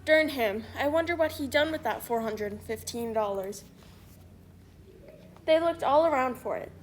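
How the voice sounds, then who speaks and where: A woman reading a classic story aloud for English learners, in slow, even scripted narration. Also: sits high, a little hiss or hum.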